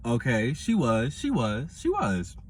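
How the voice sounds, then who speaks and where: Animated man reviewing reality TV. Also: mid-range voice, slow pace, husky. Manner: animated, dramatic retelling with acted-out quotes. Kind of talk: casual video commentary.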